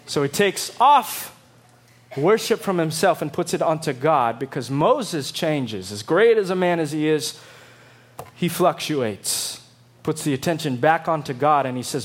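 A man preaching a sermon, emphatic and dramatic, acting out quotes in lively voices. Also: fairly high pitch, unhurried. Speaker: pastor.

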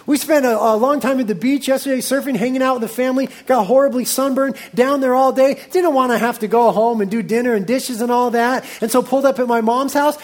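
A middle-aged male pastor preaching a sermon, reading scripture aloud and breaking into lively asides. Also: extremely high pitch, fast talker, hardly any pauses.

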